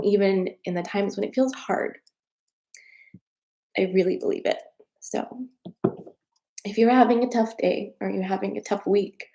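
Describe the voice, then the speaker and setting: A woman's voice: medium pitch, creaky, a little mellow, slight background noise. A young woman hosting a live tarot stream, talking casually and emotionally with viewers, tearful at times, swearing and laughing as she goes. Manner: emotional, chatty, swears, laughs through tears.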